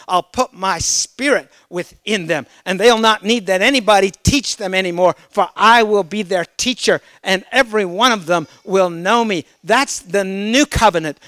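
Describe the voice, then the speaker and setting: High, smooth-voiced male preacher. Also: dry recording. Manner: emphatic, rising to loud exclamations; asks the congregation questions. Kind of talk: sermon with scripture reading.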